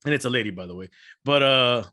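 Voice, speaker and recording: A man co-hosting a casual podcast, telling animated stories with frequent laughs and casual swearing. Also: mid-range voice, fast. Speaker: podcast co-host. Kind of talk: casual chat.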